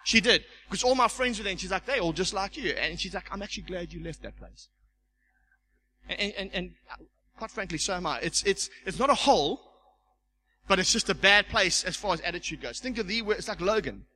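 A man preaching a sermon as pastor, animated, stumbling over repeated words and acting out the voices he quotes. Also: sits high, brisk, slight background noise, poor audio. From South Africa.

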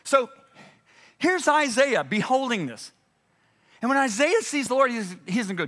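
Emphatic high-voiced male preacher. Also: very animated, measured pace, pauses often. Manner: emphatic, swings from loud urgent peaks to hushed low passages. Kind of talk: sermon.

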